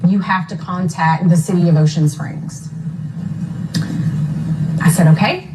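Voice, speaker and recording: A mother recounting events for an interview in a lowish, mellow voice. She goes step by step and pins down the times, with plenty of fillers. There is a faint hum of noise behind her. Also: steady tone, a little slow, low-quality recording. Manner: detailed, careful about times, uses many fillers. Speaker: mother of a missing son.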